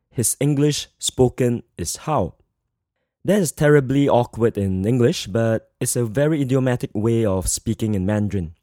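Lively, mellow-voiced man teaching a language lesson. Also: mid-range voice, no echo, clean studio sound. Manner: measured, slow model phrases with repeats. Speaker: Mandarin teacher. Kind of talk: scripted grammar lesson.

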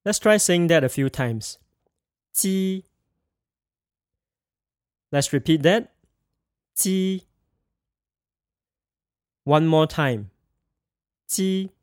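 Speaking at normal speed with an animated, slightly high voice, a man teaches pinyin pronunciation in a clean studio recording. He's a language teacher who articulates carefully and repeats sounds for his students to echo.

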